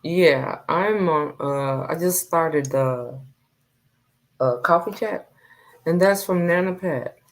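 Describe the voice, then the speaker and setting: Woman livestream host, low voice, slow, gravelly, heartfelt, repeats herself. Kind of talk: casual live chat.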